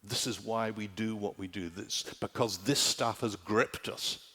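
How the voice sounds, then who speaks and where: A man preaching a sermon at a summer camp, animated and rhetorical, often checking in with "do you see?". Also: lowish voice, unhurried, breathy edge, long reverb tail. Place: large conference hall at a summer camp.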